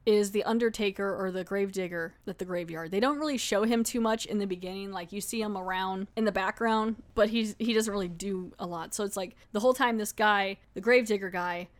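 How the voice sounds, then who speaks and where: A woman hosts a podcast and talks through a TV episode in a casual, chatty way. Her voice sits at an ordinary middle pitch for a woman. She retells it with animation, laughing and throwing in quick acted lines. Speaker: podcast host.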